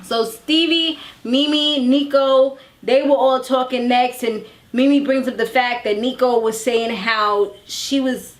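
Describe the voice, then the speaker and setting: A woman's voice: high voice, steady tone, a little slow, hardly any pauses. A woman reviewing a reality TV episode in a casual, chatty, slangy recap.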